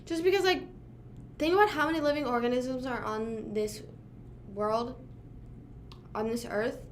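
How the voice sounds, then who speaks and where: A woman's voice: fairly high pitch, unhurried, a little hiss or hum. A young woman from Pennsylvania chatting casually with live viewers, rambling and self-deprecating, full of fillers. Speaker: livestream host.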